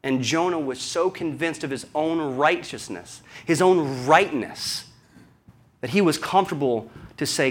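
A man's voice: fairly high pitch, unhurried, slight background noise. A man from the American South with a Southern accent, preaching a sermon in a conversational storytelling way, full of rhetorical questions. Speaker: pastor.

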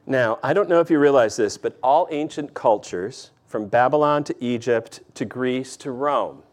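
A man's voice: mid-range voice, moderate pace. A man preaching a sermon, reading scripture and then explaining it in a conversational way, with asides to the congregation. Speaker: pastor.

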